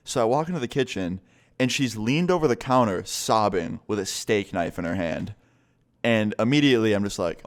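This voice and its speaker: Male vlogger, lowish voice, loose rambling storyteller who swears a lot. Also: lively intonation, quick pace. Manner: casual, rambling, swears often. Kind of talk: story time vlog.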